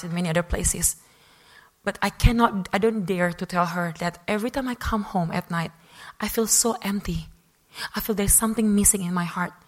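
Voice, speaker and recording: Woman, personal testimony, animated storytelling, restarts phrases, mid-pitched voice. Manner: animated storytelling, acting out her own past remarks. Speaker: former fashion model giving a testimony.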